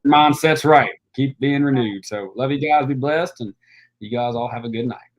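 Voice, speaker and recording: A man's voice: mid-range voice, normal speed, low-quality recording. Tennessee accent guy, laid back, lots of ums and restarts, on a video call. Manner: easygoing, many fillers and restarts. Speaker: guest. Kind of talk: casual interview chat.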